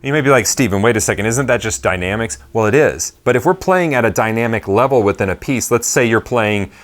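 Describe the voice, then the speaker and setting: A man's voice: medium pitch, expressive, brisk. A man giving a casual drum lesson at his kit, talking in a loose, chatty way with rambling asides. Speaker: drum teacher.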